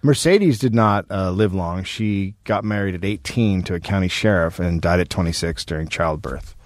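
Laid-back low-voiced man telling a story. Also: moderate pace. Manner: profane, laid-back, hesitant with frequent "um". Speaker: comedy podcast co-host telling a history story. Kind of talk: casual comedic storytelling.

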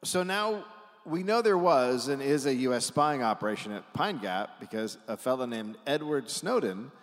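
A man hosting a comedy podcast live, telling a history story in an animated, casual way with dry asides and offhand swearing. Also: medium pitch, normal speed. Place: stage at a live podcast taping. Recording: live show in a reverberant hall.

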